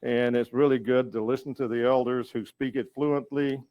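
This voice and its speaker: An older man from North Carolina giving a language lesson, patient and slow, repeating each word so the learner can follow. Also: mid-range voice, fairly even intonation, muffled recording. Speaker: educator and storyteller.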